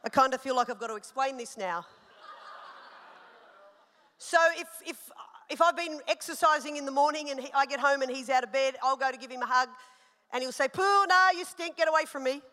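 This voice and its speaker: Bright-voiced woman pastor preaching in a hall. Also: high voice, fairly quick, pauses often. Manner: animated, personal storytelling with rising emphasis. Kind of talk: sermon. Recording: long hall reverb.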